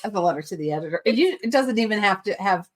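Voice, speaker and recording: A woman's voice: medium pitch, lively intonation, rapid-fire. A woman in a casual podcast chat, making joking remarks. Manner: chatty, joking reactions.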